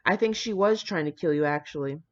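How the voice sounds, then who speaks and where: A woman's voice: deep voice, fairly quick, natural voice. A woman reading the lines of a mild, dry-witted young male sorcerer, on dull lo-fi audio.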